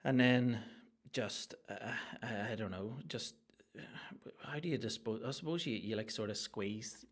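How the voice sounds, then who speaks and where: A man hosting a solo comedy podcast, ranting in a crude, rambling and excitable way. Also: mid-range voice. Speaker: podcast host.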